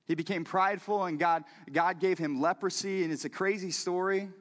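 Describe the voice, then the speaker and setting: A man's voice: sits high, fairly even intonation, brisk, fairly bright tone, in a large hall. A man preaching a conversational sermon who keeps putting questions directly to his listeners. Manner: talks directly to the audience with questions.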